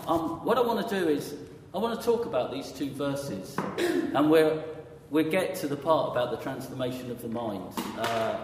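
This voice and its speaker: A man preaches a conversational sermon, frequently quizzing his audience with questions. His voice is medium-pitched with a darkish tone. The echoey hall has long reverb, and there's a little hiss or hum.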